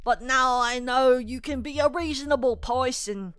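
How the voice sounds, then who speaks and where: Smug scheming man with a hammy put-on British accent, voiced by a woman streamer. Loud and showy. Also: high voice, clear, resonant tone, no echo. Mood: sly, smug. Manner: theatrical, sly, drawn-out lines. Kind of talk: reading game dialogue aloud in a voice.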